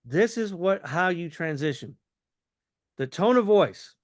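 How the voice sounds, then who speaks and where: A man's voice: high-pitched, expressive, a little slow, no echo, clean studio sound. A man coaching someone on sales in a casual conversation, acting out both sides of a call to show how each line should sound.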